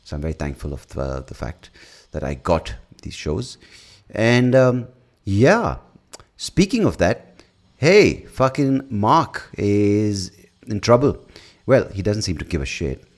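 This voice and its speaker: A man's voice: on the low side, very animated, slow pace. A man with an Indian English accent, hosting a podcast and ranting in a rambling, profane, casual way, often correcting himself. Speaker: comedian podcast host. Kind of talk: casual rant.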